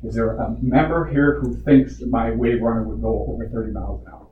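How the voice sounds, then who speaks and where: At a community meeting, a man of medium pitch addresses the board at a brisk clip with fairly even intonation. Indignant, he leans on rhetorical questions during his public comment, captured by a distant mic in an echoey room with dull tone and faint hiss.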